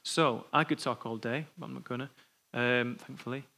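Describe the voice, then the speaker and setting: A man's voice: mid-range voice, steady tone, normal speed, creaky, sharp tone. A man preaching an informal sermon in a church, talking in a conversational way and thinking aloud before opening the floor for discussion.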